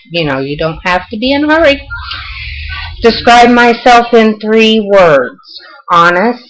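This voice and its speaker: A woman's voice: fairly low pitch, a bit bright, poor audio. An older woman with a Southern US accent, chatting casually and answering questions in a home vlog, folksy and self-deprecating. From Southern United States. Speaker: vlogger.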